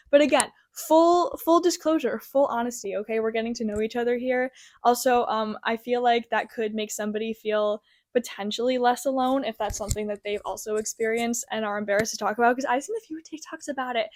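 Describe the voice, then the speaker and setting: A young woman, a crochet designer, chatting casually to camera from her childhood bedroom as an animated storyteller with lots of fillers. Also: fairly high pitch, no echo. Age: young adult.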